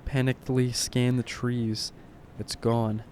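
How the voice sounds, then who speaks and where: Man, horror story narration, clipped subdued delivery, mellow dark voice, faint background hum. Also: mid-range voice, flat delivery, slow pace. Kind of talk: reading a horror story aloud.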